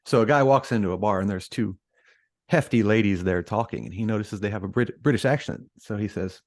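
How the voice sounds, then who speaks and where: A man co-hosting a casual book podcast, dry and deadpan, fond of bad jokes. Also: lowish voice, brisk. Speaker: podcast co-host.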